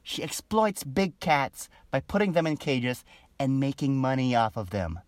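A man talks straight to camera in a chatty, animated vlog rant, his pitch leaping up and down all the time. The sound is dry and close with no room echo, and his talk is loose, full of fillers and quick asides. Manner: breaks into laughter often. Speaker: show reviewer. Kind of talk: casual opinion vlog.

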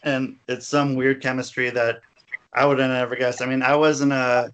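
A man with a smooth, resonant voice chatting casually as a podcast co-host. He is laid-back and rambling and swears often. His pitch stays in a plain middle range. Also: flat delivery, normal speed, a bit bright. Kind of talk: casual wrestling chat.

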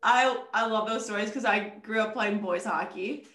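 A woman's voice: mid-range voice, a bit bright. Laughing woman host in an echoey room. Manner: reactive, laughs along, quick exclamations. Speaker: podcast host. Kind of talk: casual interview chat.

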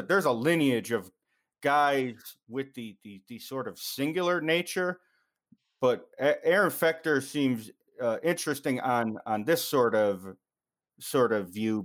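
A man in casual podcast talk, working through his thoughts with many fillers and restarts. His voice sits on the low side, and he swears freely. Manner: rambling, profane, lots of fillers. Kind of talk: casual chat.

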